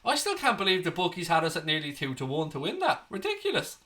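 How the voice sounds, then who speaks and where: An Irish fan channel host in his thirties talks fast and very animatedly on a casual live stream, his bright, forward voice sitting a little high for a man. He reads out viewers' messages and answers them with cheeky banter and some swearing.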